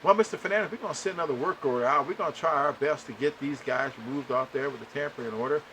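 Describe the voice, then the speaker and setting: A man's voice: mid-range voice, fast talker, pushed and bright, slight background noise, lightly acted, rough recording. A man voicing a male utility company representative who speaks in a patient, bureaucratic way. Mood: officious.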